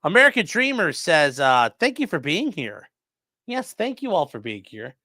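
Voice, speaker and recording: A man's voice: fairly high pitch, big pitch swings, moderate pace, sharp tone, no echo, clean studio sound. A man who is a defense attorney, casually commenting on a livestream and reading chat messages aloud in a loose, profane way.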